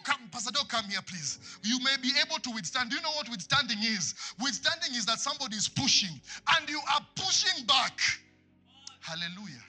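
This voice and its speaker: A man preaching a sermon in church, swinging from loud passionate lines to hushed ones. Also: very high voice, big pitch swings, brisk, breathy edge, faint music behind. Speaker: pastor.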